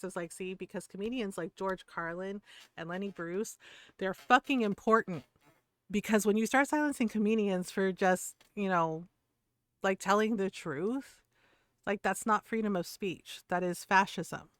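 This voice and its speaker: A woman's voice: medium pitch, a little slow, a bit bright, no echo. Brief: woman streamer ranting, foul-mouthed and fired up, dry close sound. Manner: profane, heated, laughs between points. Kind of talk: casual ranting chat.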